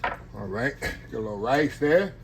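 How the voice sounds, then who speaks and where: A man's voice: medium pitch, animated, measured pace, vocal fry, background noise. A man hosting a cooking vlog from his home kitchen, folksy and chatty, savoring each bite aloud. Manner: folksy, says y'all often, savoring aloud. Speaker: cooking channel host. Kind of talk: casual eating vlog. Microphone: camera on a tripod.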